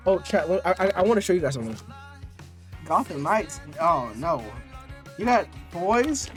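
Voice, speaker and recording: A man with a fairly high voice talks casually to his live-stream chat. He trash-talks viewers playfully and rambles, often restarting mid-sentence. Soft music plays quietly in the background. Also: expressive, moderate pace. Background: faint music.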